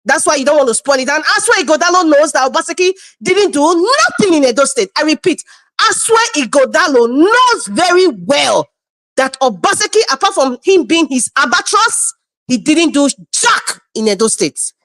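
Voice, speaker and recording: A Nigerian woman giving emotional, forceful political commentary, full of rhetorical questions and repetition. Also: high voice, very animated, normal speed, no room sound. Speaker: panel commentator.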